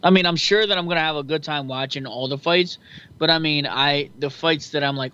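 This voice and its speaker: A man's voice: fairly high pitch, brisk, pushed and bright, clear, resonant tone. A man co-hosting a casual fight-pick chat, loose, profane and chatty. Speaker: podcast co-host. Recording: dull lo-fi sound.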